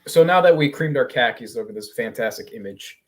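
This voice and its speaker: A man's voice: medium pitch, lively intonation, brisk, a bit bright. Male podcast co-host, casual crude comic recap, jokey delivery. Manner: crude, joking, acts out quotes.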